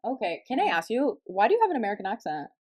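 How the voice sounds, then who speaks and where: A woman's voice: a little high, very animated, rapid-fire, a little mellow, husky. A young woman hosting a podcast, chatting casually and asking curious, playful questions. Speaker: podcast host. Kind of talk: casual chat.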